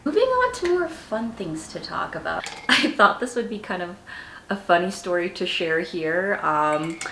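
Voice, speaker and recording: Candid, lively-voiced young woman vlogger. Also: lowish voice, a little slow, reverberant, a little hiss or hum. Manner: candid, self-mocking, laughs often and shrieks at her own past. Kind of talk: casual storytelling chat.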